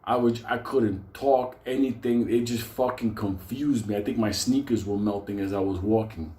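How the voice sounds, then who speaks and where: A man's voice: lowish voice, normal speed. A man telling a comic personal story, swearing constantly and laughing often. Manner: profane, animated, laughs often. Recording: echoey room.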